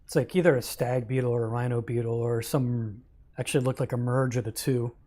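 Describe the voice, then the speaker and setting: A man's voice: medium pitch, steady tone, a little fast, mellow. A man casually commenting on a game he is streaming, joking and reacting aloud.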